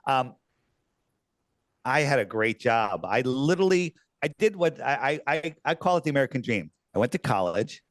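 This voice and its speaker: A man's voice: mid-range voice, very animated, normal speed, no room sound. A man telling his story as a podcast guest, rambling with lots of fillers and restarts. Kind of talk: casual storytelling.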